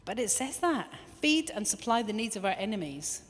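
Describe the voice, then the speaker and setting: A woman preaching a lively sermon, now and then acting out little quoted voices. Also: mid-range voice, normal speed. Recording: long hall reverb.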